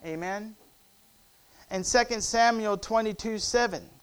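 A man preaching a sermon, calling on the congregation and swinging between loud cries and hushed, quiet passages. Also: high voice, measured pace, smooth. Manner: call-and-response preaching, rising to loud cries and dropping to hushed tones.

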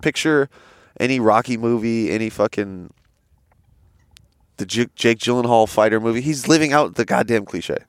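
A young podcast co-host with a medium-pitched voice speaks at a moderate pace and pauses often, telling stories in a relaxed chat. He curses freely and acts out quotes with animation. His headset audio is dry and clean, studio style.

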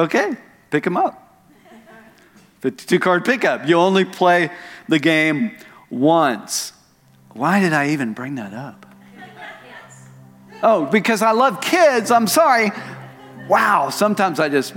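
Guy pastor preaching a sermon, stresses words, tells stories on himself, kinda high voice, big echoey church. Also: big pitch swings, a little slow, long pauses, a bit bright, faint music behind. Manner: storytelling, self-deprecating asides, stresses key words. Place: church sanctuary.

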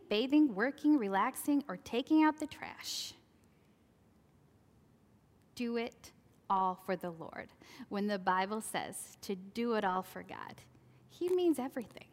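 A woman in her forties giving a chatty devotional talk, laughing at herself and acting out quoted lines. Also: mid-range voice. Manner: chatty, laughing asides, animated quoting. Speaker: Christian speaker. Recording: long hall reverb.

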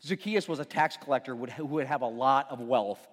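A man's voice: medium pitch, brisk, husky. A man preaching a sermon in a church, talking conversationally and joking with the congregation. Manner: animated, conversational preaching with playful asides to the congregation. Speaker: pastor. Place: church sanctuary. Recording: long reverb in a big room.

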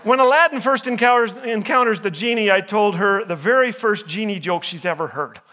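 An older man preaches with a very high voice that sounds sharp and bright. He strings together jokes and stories and teases the live audience when they miss the punchline. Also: a little fast, big-room sound. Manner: jokey storyteller, teases the audience. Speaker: chapel speaker. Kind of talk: humorous sermon with jokes.

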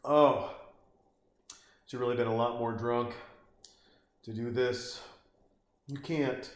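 A man's voice: medium pitch, takes it slowly, roomy sound. Swearing man ranting over a movie. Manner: swearing, animated, mocking, acts out voices. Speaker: movie reaction commentator. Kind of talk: comedic movie commentary rant.

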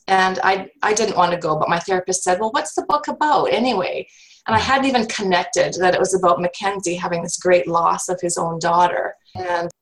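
Gravelly low-voiced woman telling her story. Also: rough recording. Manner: earnest, reflective storytelling with restarts. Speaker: guest. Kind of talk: personal faith story in an interview.

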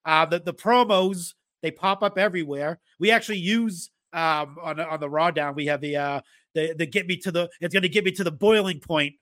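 A man hosts a casual podcast in a rambling way, full of fillers and restarts. His voice sits a bit high for a man. The recording is close and dry, with no room sound. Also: fairly quick, fairly bright tone, no room sound. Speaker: podcast host.

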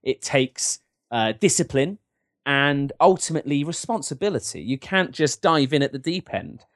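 A man's voice: medium pitch, lively intonation, moderate pace, a bit bright, no echo, studio quality. A man co-hosting a podcast, rambling and joking with lots of restarts. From England. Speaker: podcast co-host. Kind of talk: casual advice-show chat.

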